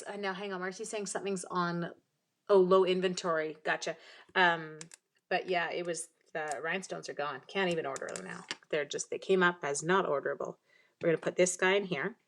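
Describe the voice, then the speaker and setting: A faint hiss or hum accompanies a young Canadian woman whose fairly low voice sounds bright and forceful. Casually demonstrating card making on a live stream, she rambles and reads viewer comments aloud, coughing in recurring bouts.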